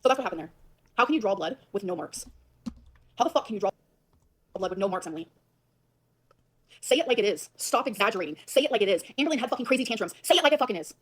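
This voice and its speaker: A woman rushing through a heated livestream rant at a breakneck pace. Her voice sits in a middle pitch, and she leans hard on her words and swears freely. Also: expressive. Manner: fast, emphatic, swears often. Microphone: livestream mic.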